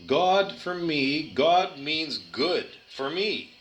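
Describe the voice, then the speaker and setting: A man's voice: a little high, lively intonation, extremely slow, a bit bright, a little hiss or hum. A man giving an earnest spiritual monologue, repeating his phrases and stumbling over his words. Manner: earnest, repetitive, with stumbles and restarts.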